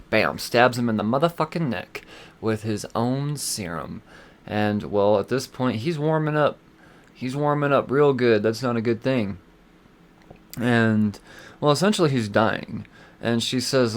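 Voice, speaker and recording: A man hosting a solo podcast, talking in a casual, rambling, excitable way with plenty of swearing. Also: mid-range voice, a little slow. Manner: rambling, excitable, profane, full of fillers. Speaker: comic book podcast host.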